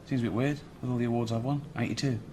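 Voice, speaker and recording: Deadpan self-important man, Reading accent. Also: mid-range voice, rapid-fire, a little hiss or hum. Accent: English, Reading. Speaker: comedian. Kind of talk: comedy sketch.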